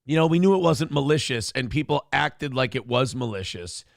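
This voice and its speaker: A man hosting a morning talk show in casual chat, rambling and animated, swearing freely with lots of fillers. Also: medium pitch, brisk, gravelly, no echo, studio quality.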